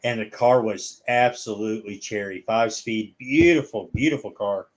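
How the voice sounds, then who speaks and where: A man's voice: on the low side, normal speed. Rambling man telling stories casually. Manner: rambling, acts out the people in his stories. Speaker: guest. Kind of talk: casual storytelling chat.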